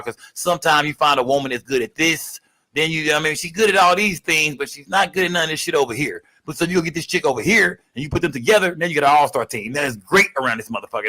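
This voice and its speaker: A young man hosting a casual livestream, rambling and profane, giving constant shout-outs to his viewers. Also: a little high. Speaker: livestream host.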